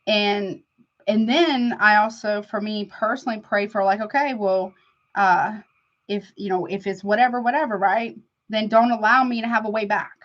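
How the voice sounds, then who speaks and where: Woman, tarot host, chatty and warm-hearted with viewers, mid-pitched, slightly muffled audio. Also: fairly even intonation, moderate pace. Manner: chatty and affectionate, calls viewers honey. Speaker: tarot reader. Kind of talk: casual live-stream tarot chat.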